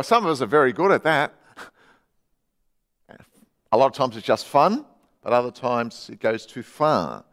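A middle-aged man preaching a sermon, conversational, dropping from loud to hushed for emphasis. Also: medium pitch, big-room sound. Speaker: pastor. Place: church.

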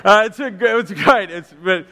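A man's voice: sits high, lively intonation, moderate pace, sharp tone. An Australian man hosting an on-stage interview at a church, chatty and jokey, laughing often. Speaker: church host. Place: church hall. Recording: long hall reverb.

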